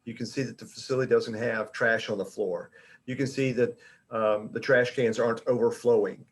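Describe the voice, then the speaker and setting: A man's voice: medium pitch, fairly even intonation, normal speed. Conversational man presenting to colleagues. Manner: conversational, lots of fillers and restarts; addresses colleagues directly. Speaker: industry education director giving a talk. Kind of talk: informal presentation.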